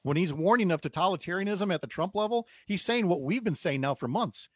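A man's voice: high voice, expressive, a little fast, fairly bright tone, no room sound. A man speaking as a radio panelist, making pointed and sarcastic remarks.

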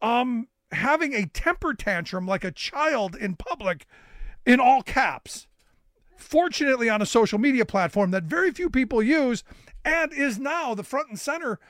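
A man hosting a political talk radio show, delivering sarcastic, animated commentary with many filler "uh"s into a studio microphone. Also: extremely high pitch, normal speed, no echo.

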